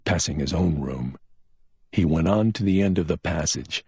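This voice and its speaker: A man reading pulp crime fiction as an audiobook narrator, steady and even. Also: very deep voice, normal speed, husky, dry recording, clean studio sound.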